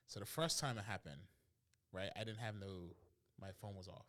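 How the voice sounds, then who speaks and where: A man co-hosting a podcast, telling a story in a casual chat and acting out the dialogue with lively energy. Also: lowish voice, normal speed. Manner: animated storyteller, acts out dialogue, breaks into laughter. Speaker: podcast co-host.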